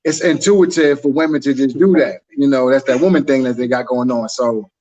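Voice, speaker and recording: A man co-hosting a casual chat, explaining his view in a relaxed, humorous, conversational way. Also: mid-range voice, brisk, highs cut off. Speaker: podcast co-host.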